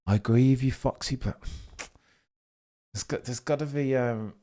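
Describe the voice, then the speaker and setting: A young man hosting a live race watchalong, talking excitably and rambling while he reads out viewers' chat comments. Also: medium pitch, moderate pace. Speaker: live stream host.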